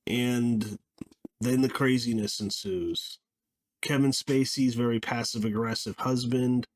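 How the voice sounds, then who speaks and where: A man giving a casual spoken film review, rambling and halting, with frequent restarts and small laughs. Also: medium pitch.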